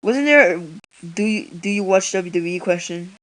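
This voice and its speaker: A woman's voice: medium pitch, lively intonation, normal speed, a bit bright, low-quality recording. A woman hosting a casual wrestling podcast, rambling and hesitant with lots of ums. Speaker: podcast host.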